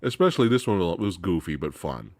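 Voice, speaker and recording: A man hosting a casual movie review chat, excitable and laughing, often restarting his sentences. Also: deep voice, a little fast, very noisy. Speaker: host.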